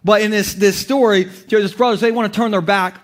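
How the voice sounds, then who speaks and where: High-voiced playful male preacher. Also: steady tone, a little fast. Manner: playful, joking, conversational with many restarts. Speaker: pastor. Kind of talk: sermon.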